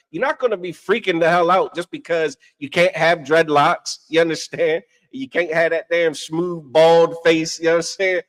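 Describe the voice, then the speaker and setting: He speaks at normal speed with few pauses, his pitch fairly high. As podcast co-host and religious teacher in a casual discussion, he preaches, repeatedly asks "you understand?", and laughs at his own stories.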